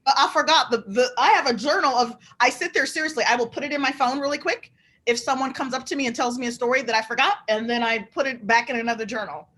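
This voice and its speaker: A woman telling lively stories as a guest on a video call, acting out the people in them. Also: sits high, quick pace. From Omaha, Nebraska. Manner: lively, acts out voices in her anecdotes. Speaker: guest author. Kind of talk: animated storytelling on a video call.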